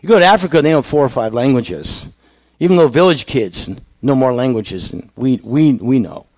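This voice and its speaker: A man's voice: medium pitch, animated, normal speed, a little mellow, dry recording. A male pastor giving a conversational sermon, asking the congregation questions.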